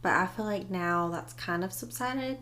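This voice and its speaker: A woman's voice: medium pitch, moderate pace, pushed and bright, a little hiss or hum. A woman co-hosting a casual chat podcast, talking freely and quoting her own thoughts aloud. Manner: chatty, quotes her own thoughts, laughs easily. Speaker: podcast co-host.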